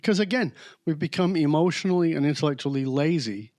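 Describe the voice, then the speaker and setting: A man talking as a podcast guest, animated, slowing down to hammer key words and mimicking other voices. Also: fairly high pitch, no room sound, clean studio sound. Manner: animated storyteller who mimics accents and voices; slows down to stress key words. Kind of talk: casual conversation.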